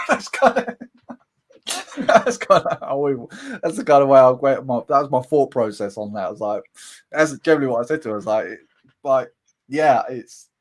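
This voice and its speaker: A British man hosting a casual live-stream chat, animated and often laughing, breaking into quick impressions. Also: mid-range voice. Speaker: host.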